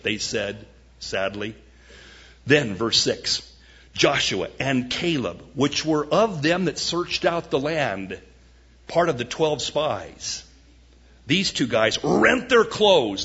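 Husky, slow-preaching man in a sermon. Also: fairly bright tone. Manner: dramatic, voices Bible quotes with rising pitch and volume. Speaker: pastor. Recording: dull lo-fi sound.

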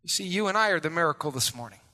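A man's voice: fairly high pitch, lively intonation, rapid-fire. Fiery preaching man in a big hall. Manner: impassioned preaching, rising to shouts. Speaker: pastor. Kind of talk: sermon.

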